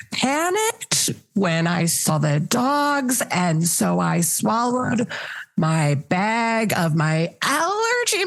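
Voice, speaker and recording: A woman playing a frantic woman traveler who rambles out excuses to a border officer. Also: mid-range voice. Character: panicky woman traveler with a tiger.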